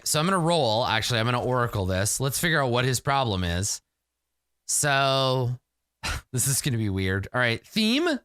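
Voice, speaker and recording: Brief: man narrating solo roleplay, unhurried, lively pitch, dry close mic. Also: clean tone, dry recording. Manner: rambling, animated, self-amused with fillers. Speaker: solo game player and narrator. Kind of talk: narrating a solo tabletop game.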